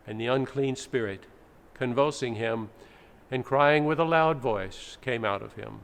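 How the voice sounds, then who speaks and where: Gravelly-voiced man preaching in a church. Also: medium pitch, unhurried, few pauses. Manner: explanatory, teacherly, with dramatic readings. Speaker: pastor. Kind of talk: sermon. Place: church sanctuary. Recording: echoey church, faint background noise.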